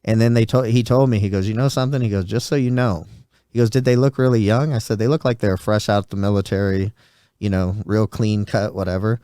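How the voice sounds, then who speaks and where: A man's voice: fairly low pitch, fairly even intonation, brisk, dark tone, clean tone, no room sound, studio quality. A podcast host in his forties telling a story in a rambling, casual way and acting out the voices of people he quotes. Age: 40s. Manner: rambling, acts out quoted dialogue.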